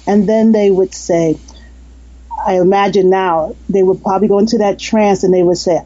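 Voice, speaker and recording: A woman's voice: mid-range voice, fairly even intonation, moderate pace, muffled recording. A woman hypnotist and former nurse, chatting in an interview and telling earnest stories with frequent restarts. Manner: earnest, warm-hearted storytelling with frequent restarts and laughter. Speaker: guest storyteller and hypnotist. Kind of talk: casual interview chat.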